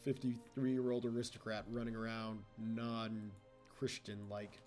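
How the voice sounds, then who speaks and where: A man's voice: medium pitch, very animated, unhurried, warm tone, soft background music. A man giving casual gameplay commentary as a let's play host, chatty and teasing the computer opponents.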